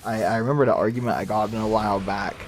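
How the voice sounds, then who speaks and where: A man's voice: on the low side, fairly even intonation, rapid-fire, slight background noise. Chatty young man rambling over gameplay. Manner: rambling, chatty, lots of fillers and laughs. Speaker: gaming YouTuber. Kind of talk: casual let's-play commentary.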